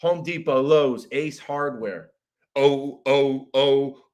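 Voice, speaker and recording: A young adult man hosting a comedy podcast, ranting in an exasperated, profane monologue and jumping into loud shouted impressions. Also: mid-range voice, takes it slowly. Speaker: podcast host.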